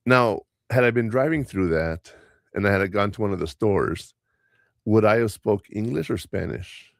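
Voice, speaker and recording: Gravelly middle-aged man telling stories. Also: on the low side, normal speed, dry recording, studio quality. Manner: rambling, animated storyteller who mimics voices. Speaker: podcast host. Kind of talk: casual storytelling chat.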